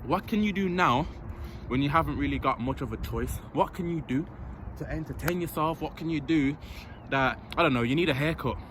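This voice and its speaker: A man's voice: on the high side, brisk. A young man vlogging casually from an outdoor park court, chatty and blunt and swearing freely as he talks to his camera. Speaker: fitness vlogger. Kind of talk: casual vlog chat. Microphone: handheld or propped-up camera. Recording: outdoor traffic noise behind. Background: city ambience with passing vehicles.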